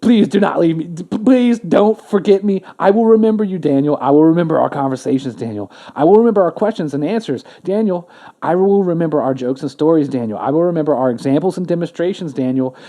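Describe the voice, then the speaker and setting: A man's voice: a little high, lively intonation, fast, mellow. A man reading out a clingy chatbot AI. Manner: repetitive, begging, says the name over and over. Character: pleading clingy chatbot AI, genderless machine.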